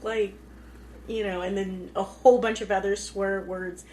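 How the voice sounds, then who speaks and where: A woman co-hosting a casual podcast from home, chatty and enthusiastic and quick to laugh. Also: medium pitch, fairly even intonation, darkish tone, a little hiss or hum. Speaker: podcast co-host. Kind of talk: casual chat. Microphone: pink studio mic.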